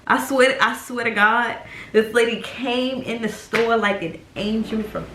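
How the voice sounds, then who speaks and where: A young woman telling a profane, animated story-time tale to camera, acting out the people in it. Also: on the high side, unhurried, noisy background. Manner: animated, profane, acts out voices. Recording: echoey room.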